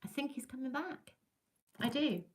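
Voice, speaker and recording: A woman from England chatting on a livestream, telling ghost stories in a chatty, animated way and greeting viewers by name. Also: high voice, moderate pace. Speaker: livestream host. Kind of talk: casual livestream chat.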